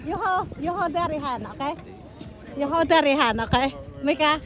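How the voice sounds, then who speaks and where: A woman's voice: high voice, lively intonation, normal speed, fairly bright tone. A mother filming her family on a phone outdoors on a bridge, speaking simple non-native English with nervous exclamations. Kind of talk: casual family video chat. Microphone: handheld phone. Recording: noisy outdoor phone recording.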